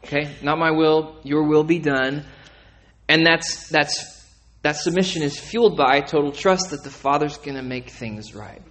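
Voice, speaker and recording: A man preaching a sermon in a conversational way, often asking "okay?" and "right?", repeating and restarting words, and rising in pitch and volume when he gets emphatic. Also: a little slow, fairly bright tone. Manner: conversational, asks listeners to check in with "okay?" and "right?". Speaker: pastor.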